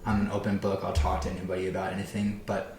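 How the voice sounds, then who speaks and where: A young man speaks in a fairly low voice and chats casually on a podcast, leaning hard on "like" and "bro". He is recorded in a roomy space with noticeable echo, and he tells stories in an animated way. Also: fast talker, crowd noise. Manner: animated storytelling, says "like" and "bro" constantly. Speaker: podcast co-host. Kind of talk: casual heartfelt chat.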